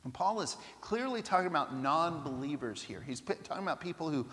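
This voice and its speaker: Animated high-voiced male preacher, reverberant hall. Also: a little fast. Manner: animated, acts out quoted voices. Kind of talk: sermon.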